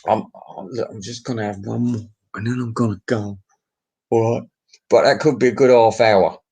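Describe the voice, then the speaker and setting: A man's voice: fairly low pitch, fairly even intonation, moderate pace, creaky, darkish tone, slightly rough, poor audio. A man telling a crude, meandering pub anecdote and chuckling at his own tale. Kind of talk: rambling pub anecdote monologue.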